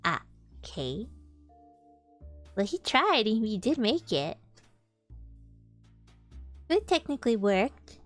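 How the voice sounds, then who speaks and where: A young woman streamer reading a storybook aloud, animated, with chatty asides to her viewers. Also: on the high side, slow, pauses often. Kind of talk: casual read-aloud stream. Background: faint background music.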